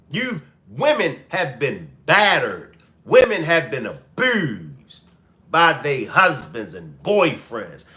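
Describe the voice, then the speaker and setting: Man doing a live stream commentary, aave, bright voice, slow and drawn out, keeps repeating himself at the chat. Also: on the high side. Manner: animated, repeats questions to the chat. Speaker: commentary show host.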